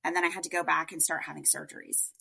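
Woman telling her story on a podcast, kinda raspy fry but bright, really animated. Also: sits low, fast. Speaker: guest entrepreneur. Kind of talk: personal storytelling.

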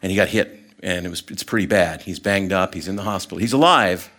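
A middle-aged man giving a sermon as a story, animated and chatty, full of fillers and restarts, acting out the people in it. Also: low voice, fast talker. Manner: animated storyteller, acts out voices, many fillers. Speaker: guest speaker.

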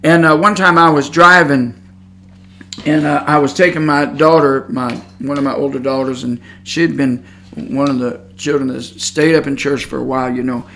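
A middle-aged man preaching, telling a personal story in a calm, earnest, conversational way with many fillers and restarts. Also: medium pitch, moderate pace, a little hiss or hum. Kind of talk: sermon storytelling.

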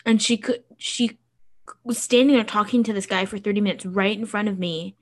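Excitable woman co-host, gushing and chatty, rambles through her stories. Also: medium pitch, brisk. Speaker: podcast co-host. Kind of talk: casual chat.

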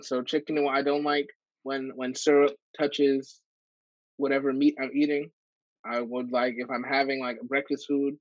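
A man's voice: medium pitch, no room sound, lo-fi sound. A man co-hosting a podcast in casual chat, laid-back and rambling with dry jokes. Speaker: podcast co-host.

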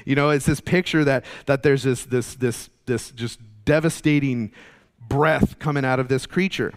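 Man, Bible study teacher, smooth resonant voice, mid-range pitch, chatty explaining with fillers. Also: fairly even intonation, moderate pace. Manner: explanatory, many fillers and restarts.

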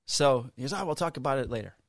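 Man in his fifties, co-host, casual swearing storyteller, mid-pitched voice, dry close sound. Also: fast talker, dry recording. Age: 50s. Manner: profane, animated storyteller acting out dialogue. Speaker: podcast co-host.

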